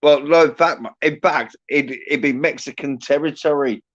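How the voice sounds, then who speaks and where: A man's voice: on the high side, normal speed, muffled recording. A man hosting a livestream, ranting in a rambling, boastful way with constant swearing. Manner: profane, boastful, laughs at own jokes. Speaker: livestream host.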